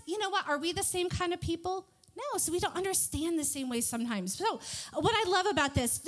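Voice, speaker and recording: A woman giving a devotional Bible lesson, reading scripture aloud in an animated, playful way. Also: extremely high pitch. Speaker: Bible teacher.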